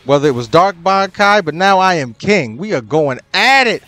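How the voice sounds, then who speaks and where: Animated, excitable gamer man ranting. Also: sits high, normal speed, no echo, faint music behind. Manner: swears often, loud exasperated outbursts. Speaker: gaming channel host. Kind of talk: ranked match commentary, ranting.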